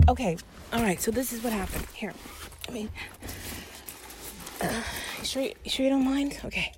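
A young woman in a one-sided audio role-play, talking in a halting, sighing, upset way that often drops to a whisper. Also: on the high side, a little mellow, husky.

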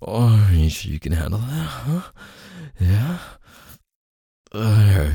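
Deep gravelly man, hushed intimate role-play. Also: big pitch swings, takes it slowly, long pauses, no echo, studio quality. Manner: murmured, often whispered, with frequent moans and groans. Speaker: audio role-play performer.

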